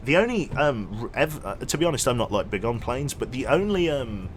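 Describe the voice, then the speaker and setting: A young man casually commentating his gameplay on a livestream, chatty and quick to launch into an animated story. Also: medium pitch, a little hiss or hum. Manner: chatty, animated storyteller who thanks subscribers. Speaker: streamer.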